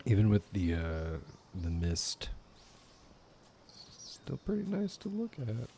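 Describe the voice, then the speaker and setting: A man giving casual gaming commentary, rambling and swearing casually. His voice sits very low and he speaks slowly. Faint game sounds play behind him. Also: wildly swooping pitch, warm tone, slight background noise. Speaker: gaming YouTuber.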